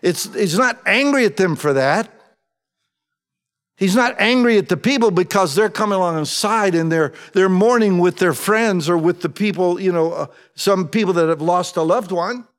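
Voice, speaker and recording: A man preaching a sermon as pastor, emphatic, swinging between loud urgency and hushed intensity. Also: high-pitched, moderate pace. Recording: long hall reverb.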